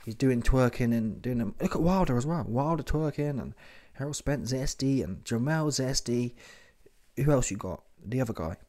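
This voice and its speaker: A man's voice: medium pitch, expressive, moderate pace, dark tone. A man hosting casual commentary, slangy and mocking, who keeps tagging his lines with "yeah?". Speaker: host of a commentary channel.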